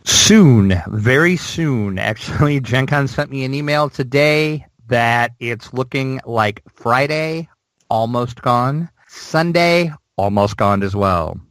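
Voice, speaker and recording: Speaking slowly with lively intonation, this co-host of a gaming news podcast rambles casually, packing his talk with "like" and "you know." His mid-pitched voice is a bit bright, and the poor-quality audio is close and dry, without echo or room.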